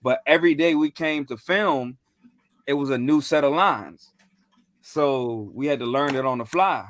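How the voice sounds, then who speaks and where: A man's voice: mid-range voice, unhurried, a bit bright, no room sound, studio quality. A young man in casual chat, telling a rambling, slangy story with lots of fillers and restarts. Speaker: podcast co-host.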